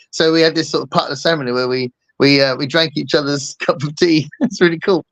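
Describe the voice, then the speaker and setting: A man's voice: fairly high pitch, steady tone, fast, few pauses, a bit bright, no room sound. A man hosting a casual chat, rambling and joking with lots of fillers. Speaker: host.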